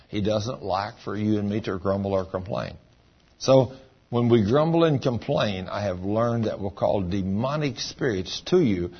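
A man preaching a sermon as a pastor, his voice swinging between loud, high bursts and low, quiet stretches. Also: slightly rough, highs cut off. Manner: preaching with big swings in pitch and volume.

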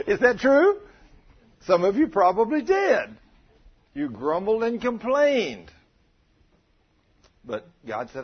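A man preaching a sermon, calling out to his congregation and acting out prayers in an animated way. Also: sits high, takes it slowly, pauses often, breathy edge, dull audio.

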